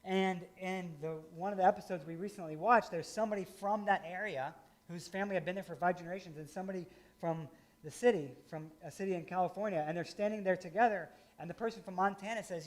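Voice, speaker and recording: A middle-aged pastor from rural Indiana delivers a sermon fast, in a relaxed and conversational way sprinkled with folksy asides. His voice is notably high for a man.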